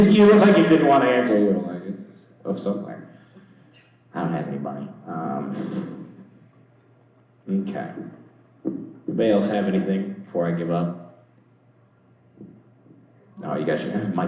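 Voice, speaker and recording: A man's voice: deep voice, sing-song, normal speed, long pauses, mellow, heavy reverb, recorded from a distance, rough recording. A young man doing loose crowd work at a comedy show, rambling, swearing and mocking himself. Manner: rambling, swearing, self-deprecating. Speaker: stand-up comedian. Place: comedy club stage.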